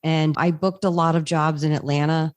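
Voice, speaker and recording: A woman's voice: sits low, moderate pace, smooth, no echo. A woman actress and voice actor, talking as a podcast guest and telling stories with energy and frequent laughter. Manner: animated storyteller, laughs often. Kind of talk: casual interview chat.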